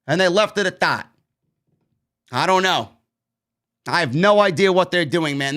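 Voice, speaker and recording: A man's voice: sits high, lively intonation, unhurried, pauses often, fairly bright tone. A man from New York hosting a casual live-stream wrestling review, recapping the show and giving blunt opinions in a chatty way. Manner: opinionated, chatty, recaps events then gives his take.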